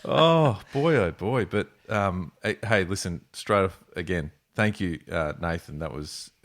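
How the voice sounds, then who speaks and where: A man's voice: low-pitched, lively intonation, a little slow. A man hosting a podcast, rambling and laughing in casual chat. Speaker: podcast host.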